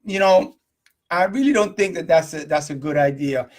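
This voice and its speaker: A man's voice: on the high side, normal speed, lightly acted. A man voicing a cautious, kind-hearted male frog in a told fable, pleading and reluctant. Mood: doubtful.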